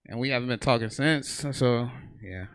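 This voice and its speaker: A man's voice: mid-range voice, moderate pace, fairly bright tone, clean tone. A man doing a profane stand-up comedy set on a theater stage, telling stories and briefly acting out other people's voices. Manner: profane, storytelling, acts out voices in bursts.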